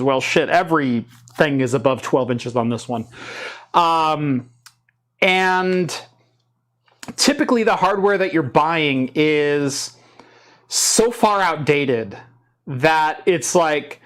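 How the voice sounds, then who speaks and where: A man's voice: on the high side, animated, measured pace, fairly bright tone. A man hosting a casual tech livestream, chatty and rambling as he reads viewer questions and answers them. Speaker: podcast host.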